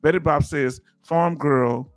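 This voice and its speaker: A man's voice: fairly high pitch, takes it slowly, no room sound, soft background music. A man with a Southern US accent hosting a casual livestream, reading out viewer comments and laughing often. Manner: laughs often, loose conversational delivery. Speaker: livestream host.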